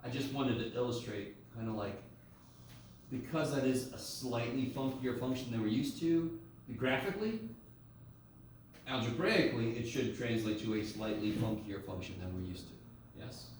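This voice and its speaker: A man's voice: mid-range voice, moderate pace. A man giving a casual, joking math lecture in a classroom, swearing now and then as he works through problems. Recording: echoey classroom from a distance, faint room noise.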